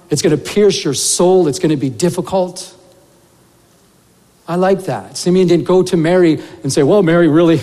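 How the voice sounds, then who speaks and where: A male pastor with a high-pitched voice delivers a conversational sermon. His talk is earnest and loose, full of fillers and restarts. The sound carries a long reverb, as in a large hall. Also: a little mellow. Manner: earnest, conversational preaching with many fillers and repeated words.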